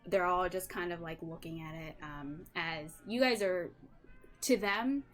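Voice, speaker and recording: A woman's voice: on the low side, a little slow, fairly bright tone. A woman game master narrating a tabletop role-playing scene casually, with many "um" and "like" fillers.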